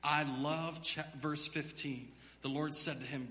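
A man with a high, bright voice preaches a sermon in a church sanctuary. He drops to a near hush, then rises to loud, emphatic passages, and a long hall reverb trails his words. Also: steady tone, unhurried. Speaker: pastor.

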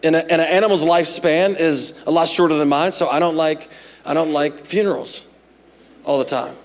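Male pastor in his forties, high-pitched, humorous sermon storyteller, big echoing sanctuary. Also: moderate pace. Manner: humorous, animated storytelling with asides to the congregation. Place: church sanctuary. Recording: reverberant hall.

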